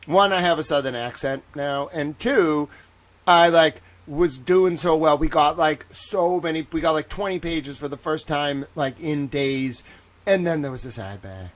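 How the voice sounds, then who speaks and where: A man giving casual livestream commentary on a trial. He is excitable, rambling and jokey, and swears often. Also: a little high, moderate pace.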